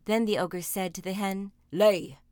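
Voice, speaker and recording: A woman reading a fairy tale aloud, expressive and dramatic. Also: medium pitch, a little slow, no echo. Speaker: storyteller. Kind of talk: storybook reading.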